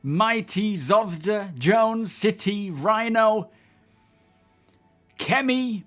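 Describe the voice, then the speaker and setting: A man's voice: sits high, extremely slow, a bit bright, faint music behind. A young man streaming a game, chatting casually and greeting his viewers by name. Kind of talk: casual live-stream chat.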